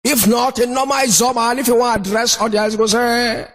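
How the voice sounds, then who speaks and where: A man with a Nigerian Pidgin accent, doing animated stand-up storytelling and shouting his punchlines. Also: extremely high pitch, moderate pace, few pauses. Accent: Nigerian Pidgin English. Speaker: stand-up comedian. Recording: noisy recording.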